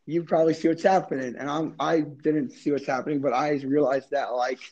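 A man's voice: on the high side, fairly even intonation, brisk, darkish tone, dull audio. A man, a podcast guest, telling a story in a casual, rambling way with many "like" fillers. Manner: rambling, heavy use of "like".

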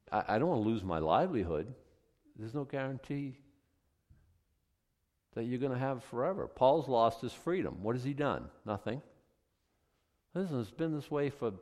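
A male pastor giving a conversational sermon, animated and chatty, full of rhetorical questions, in a church sanctuary. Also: medium pitch. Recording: long reverb from a hall.

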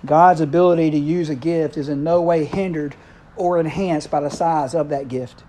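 A man's voice: fairly high pitch, steady tone, moderate pace, warm tone. A middle-aged man preaching a sermon in a conversational way, often checking in with the congregation.

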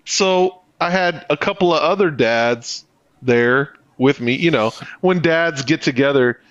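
A man's voice: on the high side, unhurried, a bit bright, dry recording, lo-fi sound. A man telling a story as a podcast co-host, swearing freely and laughing as he goes. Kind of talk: casual profane storytelling.

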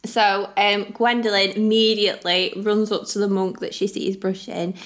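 A woman's voice: medium pitch, little pitch movement, moderate pace, fairly bright tone. A woman playing a tabletop game, voicing her character with a giggly manner. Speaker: player. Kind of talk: tabletop role-play.

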